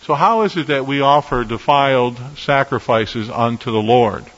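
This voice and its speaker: A man's voice: medium pitch, dull audio. Man preaching in an echoey hall. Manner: earnest, emphatic preaching with measured pauses. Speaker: pastor. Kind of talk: sermon.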